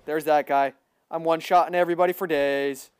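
A man giving excitable live gameplay commentary, boasting, repeating himself and bursting into loud yelling. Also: a little high, brisk, clean tone, no room sound. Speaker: gaming livestreamer.

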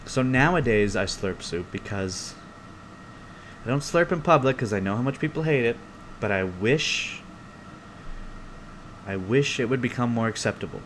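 A young man hosting his own podcast alone, rambling through stories in a casual, profane, animated way. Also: mid-range voice, moderate pace, long pauses, a little hiss or hum. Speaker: podcast host. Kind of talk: casual solo podcast rant. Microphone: close podcast mic.

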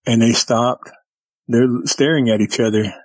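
On a dry recording, this podcast guest speaks in a slightly rough, mid-range voice at an unhurried pace. He rambles through his personal encounter stories in a folksy, animated way, performing the dialogue of everyone he quotes.

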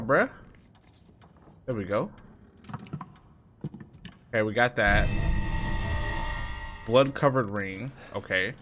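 A man's voice: mid-range voice, animated, slow pace, long pauses, a bit bright, a little hiss or hum. A man commentating a horror game playthrough, cursing, joking and talking back to the game. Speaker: gaming streamer. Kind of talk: let's play commentary.

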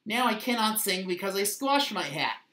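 Woman reading a touchy young singer sister, fussy and quick to shout, lively pitch, echoey room, storybook. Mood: glum.

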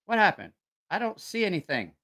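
A man's voice: high-pitched, very animated, fairly quick, bright, forceful tone, pitched above the performer's own voice, full character voice. A man voicing a flustered, confused young male sailor who stammers out frantic questions. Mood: panicked.

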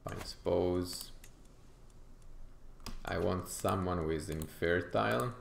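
A man's voice: low voice, slow, gravelly, roomy sound, slight background noise. A man from Italy with an Italian accent, thinking aloud with frequent fillers as he comments on his strategy game playthrough. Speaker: gaming YouTuber.

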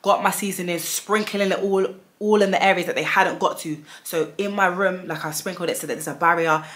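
A woman in her thirties, a vlogger telling a storytime tale in an animated, dramatic way, full of fillers. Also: lowish voice, brisk. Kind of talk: storytime vlog.

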